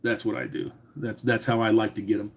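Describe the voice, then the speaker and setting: A man's voice: lowish voice, little pitch movement, fairly quick. A man in his forties hosting a casual live stream, talking loosely with lots of swearing and reading out names from the chat. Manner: profane, rambling, reads chat names aloud. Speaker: livestream host.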